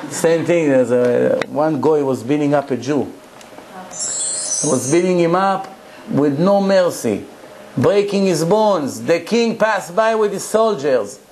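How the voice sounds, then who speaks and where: A man's voice: a little high, lively intonation, takes it slowly, a little mellow, a little hiss or hum, rough recording. A man, a rabbi, giving a Torah lecture to a live audience, preaching emphatically and telling stories with rhetorical questions.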